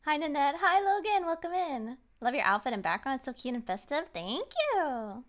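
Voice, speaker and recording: A woman's voice: high voice, expressive, a little slow, pauses often. A woman from Canada, a streamer ranting sarcastically in a casual chat stream from home.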